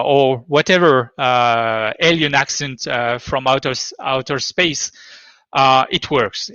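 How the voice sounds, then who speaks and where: Male conference presenter, French accent, muffled slightly dull line, halting delivery full of "uh". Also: medium pitch, sharp tone, no room sound. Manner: hesitant, many fillers and restarts. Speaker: conference speaker. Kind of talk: technical talk with live demo. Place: home.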